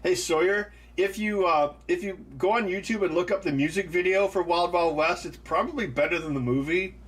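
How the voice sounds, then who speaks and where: A man's voice: high voice, fairly quick, fairly bright tone, husky. A man hosting a live stream, chatting casually with viewers in a rambling, loose way with lots of fillers. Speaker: livestream host. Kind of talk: casual chat answering live chat.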